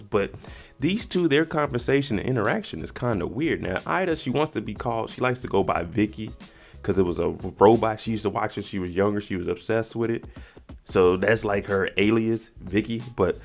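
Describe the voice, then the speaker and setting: A man giving a casual, slangy recap of a dating show, animated and acting out what the cast members said. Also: normal speed, faint music behind. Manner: animated, slangy, acts out quotes in higher pitch. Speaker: YouTube reaction host.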